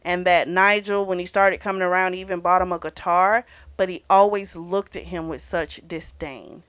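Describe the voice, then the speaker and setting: A woman's voice: on the low side, steady tone, moderate pace, a bit bright, clear, resonant tone, no echo. A woman host casually recapping a novel for a book club, talking in a chatty way and filling her retelling with "you know" and "he's like.".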